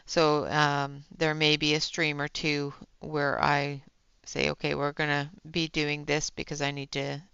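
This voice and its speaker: A woman's voice: sits low, vocal fry, a bit bright, clean tone, dry recording, lo-fi sound. A woman hosting a coloring livestream, chatting casually with her viewers as she works, with many fillers and frequent laughs. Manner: chatty, reads and answers chat, laughs often, many fillers.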